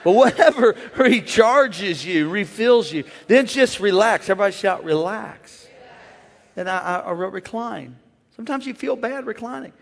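A man who is a pastor, preaching a lively sermon and calling out to the congregation to join in. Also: sits high, normal speed, gravelly. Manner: energetic, playful call-and-response with the crowd. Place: large church. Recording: long church hall reverb.

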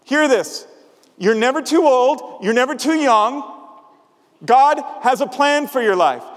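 A male pastor with a high voice preaches casually, with humour and questions put to his listeners. His words ring out with the long reverb of a large hall. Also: animated, moderate pace. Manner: conversational, humorous, asks the congregation questions. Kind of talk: sermon.

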